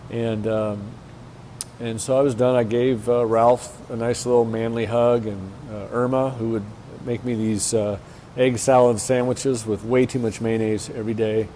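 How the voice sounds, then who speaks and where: A man's voice: medium pitch, steady tone, moderate pace, mellow, slight background noise. A man speaking as a pastor and church planter at a conference, telling a personal story frankly with plenty of fillers.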